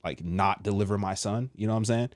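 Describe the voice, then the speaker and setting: A man with a fairly low voice tells a personal story in an animated, slangy way, slipping into the voices of the people in it. The sound is dry and close, with no room echo. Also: fast. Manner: animated, acts out quotes with slang. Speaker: storyteller sharing a testimony.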